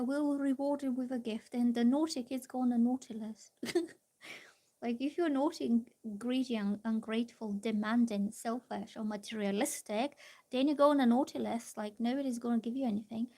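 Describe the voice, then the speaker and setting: A woman's voice: on the high side, warm tone. A woman giving live-stream tarot readings, chatty and reassuring, rambling with many fillers. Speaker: tarot reader.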